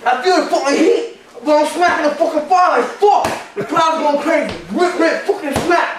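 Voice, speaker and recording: Swearing rockstar with a London accent, high and piercing, sounding very echoey and far off. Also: male voice, normal speed, noisy background. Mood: boastful rambling. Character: foul-mouthed London rockstar denying he kills. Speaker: interview guest. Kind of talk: comedy sketch.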